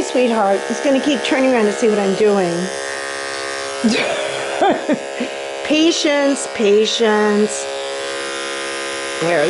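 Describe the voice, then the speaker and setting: A woman dog groomer explaining a puppy's grooming step by step, calmly soothing the puppy as she works. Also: noisy background. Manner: calm explaining, soothing a squirming puppy with high coos. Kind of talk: instructional grooming demo. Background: electric clippers and a puppy.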